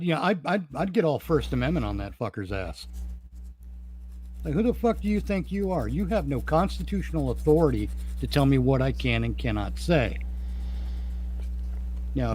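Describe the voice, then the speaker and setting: A man's voice: fairly high pitch, sing-song, normal speed, a little mellow, a little hiss or hum. A man hosting a casual podcast chat, ranting bluntly and swearing freely. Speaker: podcast host.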